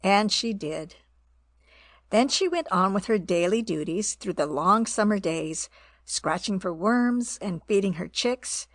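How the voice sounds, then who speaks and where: Lady reading a kids' story, gentle and expressive, dry close sound. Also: medium pitch, dry recording. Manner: gentle, expressive reading with voiced animal parts. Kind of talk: reading a children's story aloud.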